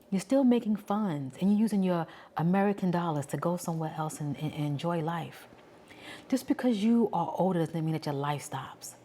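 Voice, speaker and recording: A woman in her forties with a New York accent, talking casually and candidly to her viewers and thinking out loud. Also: lowish voice. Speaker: vlogger. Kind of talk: casual talk to camera.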